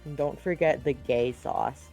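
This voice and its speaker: A man's voice: mid-range voice, unhurried, vocal fry, a little mellow. A man co-commentating an esports stream, rambling and joking, over background music. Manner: rambling, jokey, riffing.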